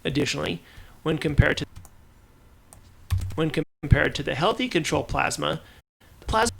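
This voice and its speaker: A man with a somewhat high pitch reads out medical research summaries for a podcast. His voice has a gravelly, creaky edge, and he often stumbles on long technical words, then repeats them before going on. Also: a bit bright. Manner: stumbles and restarts on technical terms. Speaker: podcast reader of research news. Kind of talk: reading science news script.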